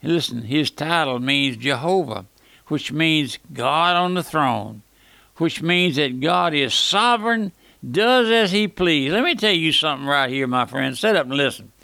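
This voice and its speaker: A man's voice: a little high, lively intonation, unhurried, creaky, bright, forceful tone, no echo. A man preaching an emphatic, fiery radio sermon with folksy asides.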